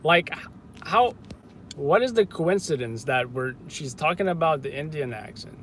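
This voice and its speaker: Rambling, joking man streaming from a car, phone mic, loud street noise. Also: a little high, expressive, measured pace. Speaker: livestream host. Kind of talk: casual livestream chat.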